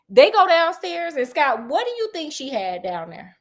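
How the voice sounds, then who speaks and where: An animated woman retells a spooky book in a casual way, full of joking asides. Her voice sits a little high. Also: normal speed, hardly any pauses. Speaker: storyteller.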